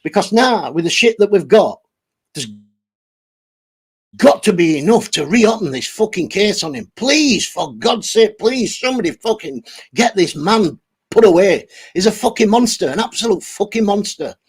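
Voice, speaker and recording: A man's voice: high-pitched, expressive, moderate pace, breathy edge. A man ranting angrily on a livestream, swearing heavily and over-caffeinated. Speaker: channel host reading live chat. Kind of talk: angry livestream rant.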